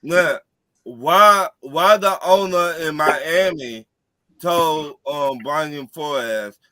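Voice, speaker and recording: A man on a casual sports panel who keeps pressing the others with pointed questions. He speaks very slowly in a bright, forceful voice. The sound is dry and close. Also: on the high side, no room sound, poor audio. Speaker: podcast co-host.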